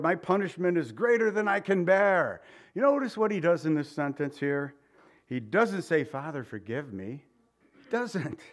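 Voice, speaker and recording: A man preaching a sermon, swinging between loud emphasis and soft, quiet lines, asking the congregation direct questions in a conversational way. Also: a little high. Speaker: pastor.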